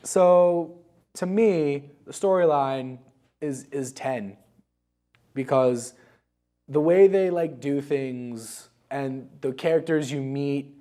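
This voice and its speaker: A man's voice: medium pitch, slow, mellow. Rambling, laughing male game-show co-host. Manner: rambling, laughs at his own story. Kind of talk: casual game review chat.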